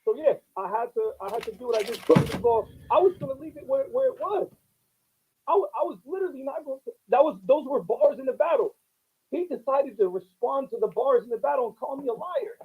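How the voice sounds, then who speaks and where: A battle rapper man vents in an interview, aggrieved and insistent, tripping over restarts. His voice sits high and husky, and the clip sounds thin and phone-like. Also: lively intonation, a little fast. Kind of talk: heated interview talk.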